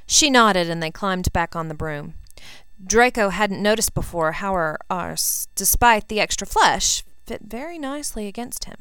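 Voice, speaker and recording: Woman audiobook reader, lowish and smooth, even delivery, dry close mic. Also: no room sound. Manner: even, unhurried storytelling with quoted dialogue. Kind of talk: fan fiction audiobook reading.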